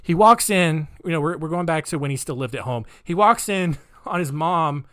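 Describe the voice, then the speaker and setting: A man's voice: on the high side, expressive, moderate pace, a bit bright, clean tone, dry recording, studio quality. Joking man hosting a true crime podcast. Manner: joking, rambling, full of fillers. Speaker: podcast host. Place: home recording space.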